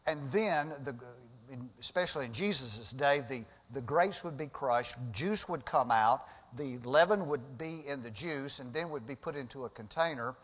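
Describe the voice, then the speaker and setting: A man's voice: medium pitch, moderate pace, fairly bright tone. A man preaching in a reverberant sanctuary. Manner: conversational, rising to emphatic bursts in retellings. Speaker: pastor. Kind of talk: sermon. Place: church sanctuary. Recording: dull lo-fi sound with long hall reverb.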